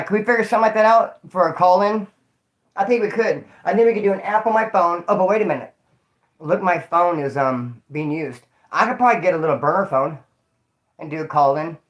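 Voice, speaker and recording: A man's voice: sits high, a bit bright. A young man from Northern California telling a rambling, slangy, profane story on a casual livestream.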